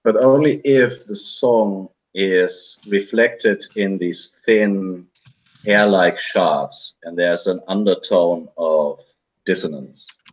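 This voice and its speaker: A man's voice: deep voice, takes it slowly, low-quality recording. A man narrating in a tabletop story game, hesitant and searching for words. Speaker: player.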